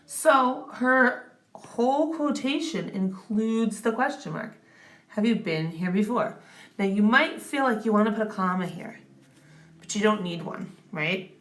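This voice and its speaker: A woman's voice: medium pitch, expressive, a little slow, fairly bright tone. A woman tutoring grammar, explaining step by step and checking in often with the listener. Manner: patient, checks in with "okay?" and "right?". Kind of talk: classroom explanation.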